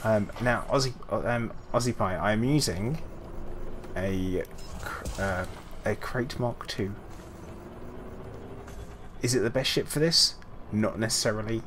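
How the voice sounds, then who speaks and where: A man's voice: fairly low pitch, a little slow, pauses often, a bit bright, a little hiss or hum. A man streaming a game and chatting casually while playing, rambling and correcting himself, often laughing. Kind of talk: casual gameplay chat.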